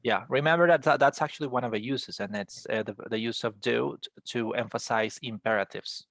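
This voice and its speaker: A man's voice: medium pitch, fairly quick, fairly bright tone, no echo. Encouraging male English teacher, dry sound. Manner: encouraging, repeats words while explaining. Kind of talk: online class teaching.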